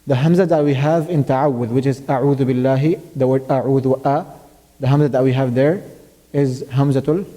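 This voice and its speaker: A man's voice: medium pitch, moderate pace, mellow, in a large hall. A man teaching tajweed. He patiently explains where Arabic letters are pronounced, quizzes his student, and recites verses as examples. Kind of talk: tajweed lesson. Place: mosque classroom.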